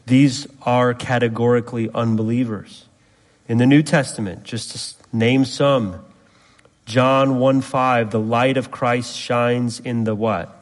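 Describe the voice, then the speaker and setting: A man's voice: mid-range voice, steady tone, moderate pace. A man preaching an expository sermon, building to emphatic rising repetitions and asking the congregation to fill in words. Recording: long reverb of a hall.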